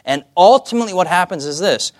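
Lively man preaching, dry close sound. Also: high voice, fast, no room sound. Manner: lively, asks the audience "amen?" often, jokey asides. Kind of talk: sermon.

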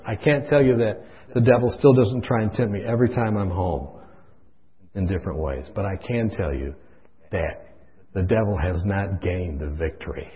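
A man preaching a sermon, impassioned, swinging from hushed storytelling to loud pleading, in a dull lo-fi recording. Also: on the low side.

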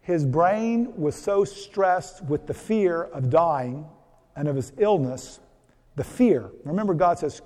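High-voiced man speaking in a reverberant hall. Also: animated, takes it slowly, a little mellow. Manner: folksy, repetitive, asks the audience questions. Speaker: physician giving a church health seminar. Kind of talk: conversational seminar talk with storytelling.

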